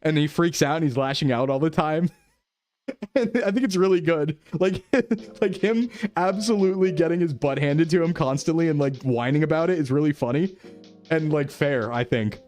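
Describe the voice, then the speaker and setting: A man's voice: on the high side, normal speed, a little mellow, faint music behind. A man live-streaming in casual chat, answering his chat as he rambles enthusiastically, full of fillers and laughs. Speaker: VTuber streamer.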